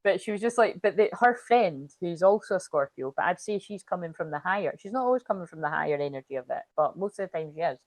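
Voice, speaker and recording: A woman's voice: fairly low pitch, fast talker, few pauses, dry recording. A woman chatting casually on a livestream, rambling and swearing freely as she retells a story. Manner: chatty, swears freely, quotes others in a lively way. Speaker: spiritual reader and livestream host.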